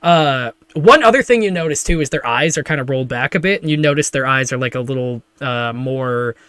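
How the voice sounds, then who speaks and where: A man's voice: medium pitch, brisk, a bit bright, clean tone, dry recording. Rambling male game master, dry close voice. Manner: rambling, filler-heavy description. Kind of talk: improvised tabletop narration.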